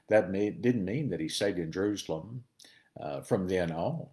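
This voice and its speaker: A man giving a conversational Bible lesson, explaining verses and thinking aloud with pauses and fillers. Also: low-pitched, darkish tone. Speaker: Bible teacher. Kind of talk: sermon-style Bible teaching.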